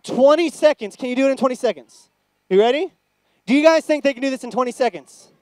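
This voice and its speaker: Man, very high voice, dry close sound, excitable kids' church teacher, playful. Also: quick pace, no room sound. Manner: excitable, playful, loud cheers. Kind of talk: energetic Bible lesson for young kids. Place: church children's room.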